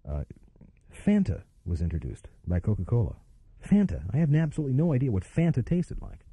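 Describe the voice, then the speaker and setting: A male radio host rambles wryly between callers. His voice is dark and mellow with a husky edge, and his pitch swings a lot as he talks. The sound is dry and close. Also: no echo. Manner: rambling, wry, self-interrupting. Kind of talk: casual call-in radio chat.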